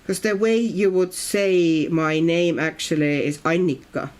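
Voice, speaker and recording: A woman's voice: lowish voice, measured pace, darkish tone, smooth. A woman streaming while she colors, chatting casually and reading her viewers' comments aloud. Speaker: coloring livestreamer. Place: at home in Brazil.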